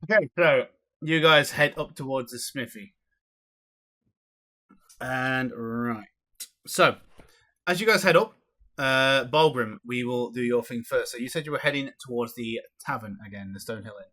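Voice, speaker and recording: A man narrating as dungeon master in a casual, halting way, with many ums and uhs. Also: medium pitch, pushed and bright. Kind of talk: narrating a tabletop game.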